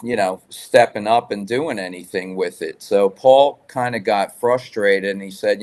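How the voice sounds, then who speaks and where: A man's voice: fairly low pitch, unhurried, hardly any pauses, darkish tone. A man guest telling rambling rock-scene stories in a casual interview, swearing freely. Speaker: guest musician.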